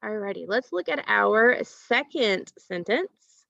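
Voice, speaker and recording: Slow, patient woman teacher with gravelly voice. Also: medium pitch, lively intonation, fairly bright tone, dry recording, lo-fi sound. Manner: slow, patient, asks questions and pauses for answers. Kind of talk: recorded phonics lesson for children.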